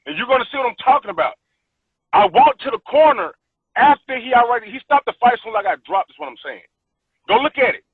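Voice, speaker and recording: A man's voice: very high-pitched, expressive, racing, husky, dry recording. A man who is a boxer, arguing angrily and profanely as a call-in guest, insisting on his point. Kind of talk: heated call-in argument. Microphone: phone call. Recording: tinny phone line.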